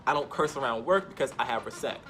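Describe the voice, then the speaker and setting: A man's voice: medium pitch, lively intonation, fast, a bit bright, a little hiss or hum. A man telling a personal story in an emphatic, impassioned way, repeating points for stress.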